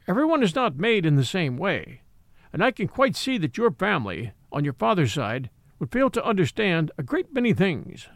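A proud cavalry horse, touchy about his breeding, who talks in a haughty, dry way. A man voices him fairly high, with a lot of rise and fall. The mic is close and dry. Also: sing-song, normal speed, no echo.

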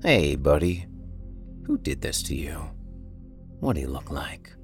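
A smirking tough cop growls his questions slowly and quietly, as a male narrator plays him. The voice is very deep and gravelly. A faint music bed plays under the storybook horror reading. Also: big pitch swings, full character voice. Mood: menacing. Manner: low, slow and threatening.

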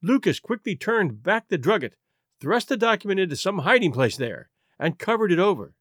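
A man's voice: high voice, big pitch swings, a bit bright, no echo, clean studio sound, heavily acted. A man reading as a distressed young wife confessing. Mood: anxious. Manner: earnest, halting confession. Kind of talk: audiobook reading.

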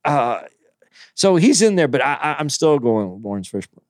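A man's voice: mid-range voice, very animated, moderate pace, dry recording. A man co-hosting a podcast, talking in an earnest, hesitant way with frequent restarts. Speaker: podcast co-host. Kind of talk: casual podcast chat.

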